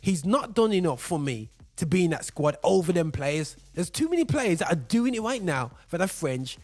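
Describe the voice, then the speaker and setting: A man's voice: high-pitched, normal speed. A man hosting a casual football podcast, talking emphatically and often repeating himself as he argues his point. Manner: emphatic, animated, repeats words. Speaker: podcast host.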